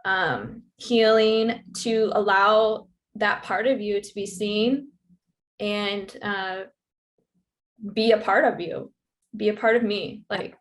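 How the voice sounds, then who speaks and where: A woman guest on a podcast talking casually, halting often with "like" and "um" as she searches for words. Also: medium pitch, steady tone. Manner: halting, full of "like" and "um". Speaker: podcast guest, retreat host. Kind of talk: casual conversation.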